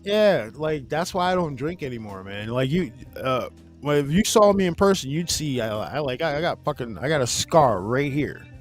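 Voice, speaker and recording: A man in his forties hosts a casual chat, laughing as he tells a rambling, profane story and acts out his friends' lines. His medium-pitched voice is animated at a normal speed, with faint music behind him.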